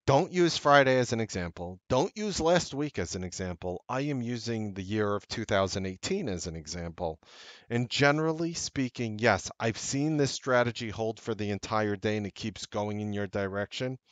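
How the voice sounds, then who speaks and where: A man in a trading lesson talks through his charts and leans on repetition to drive each point home. His voice sits a little low. The mic is close and dry, with no room sound. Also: expressive, normal speed, dry recording. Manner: emphatic, repeats key points. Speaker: trading strategist. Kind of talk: screen-share trading lesson.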